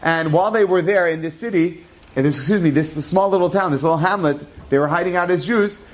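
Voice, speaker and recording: A man, a rabbi, telling an inspirational story in an animated, casual way, acting out the dialogue. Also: sits high, fast talker.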